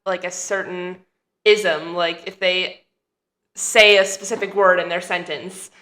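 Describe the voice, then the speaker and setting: Bubbly chatty woman, bright voice. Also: on the low side, fairly even intonation, measured pace. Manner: bubbly, chatty, many fillers. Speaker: actor guest. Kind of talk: casual interview chat.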